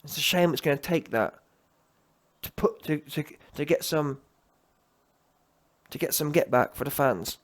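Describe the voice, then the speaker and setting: A man's voice: fairly high pitch, unhurried, pauses often. A man giving a heated, emphatic solo rant as a boxing commentator, often breaking off and restarting his sentences.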